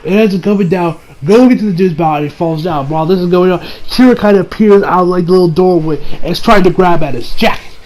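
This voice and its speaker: A man's voice: high voice, fast talker, few pauses, darkish tone, low-quality recording. A young man casually recapping an anime episode, rambling and playful, laughing as he retells scenes.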